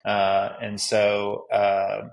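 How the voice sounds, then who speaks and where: A man with a fairly low voice and a gravelly, fry-edged tone, speaking as a police detective guest. He explains his advice methodically, laying it out in numbered steps in an easygoing podcast chat. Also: completely flat delivery, extremely slow, rough recording. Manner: instructive, lays out numbered advice. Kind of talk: podcast conversation.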